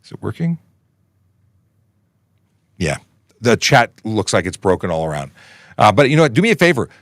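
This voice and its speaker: This police constable from Canada, in his forties, runs a laid-back livestream and talks in a cheerful, meandering fashion. His slightly low voice swings widely in pitch and moves briskly. The sound is close and dry, with barely any room echo.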